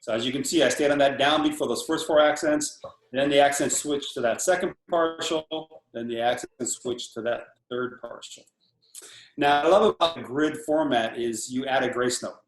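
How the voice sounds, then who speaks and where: A man in his sixties giving a casual drum lesson over a video call, animated and counting off patterns as he explains them. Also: medium pitch, normal speed, roomy sound. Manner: animated, talks through patterns while counting off. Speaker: drum instructor.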